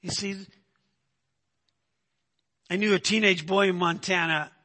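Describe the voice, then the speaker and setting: Male pastor, bright, tenor-ish preaching voice, emphatic and conversational. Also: high voice, steady tone, unhurried. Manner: emphatic, repeats "right?" to the congregation. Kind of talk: sermon.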